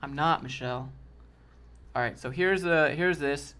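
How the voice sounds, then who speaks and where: A man's voice: fairly high pitch, measured pace, fairly bright tone, clean tone. A man hosting a casual livestream, answering chat in a loose, slangy way and calling people dude and bro.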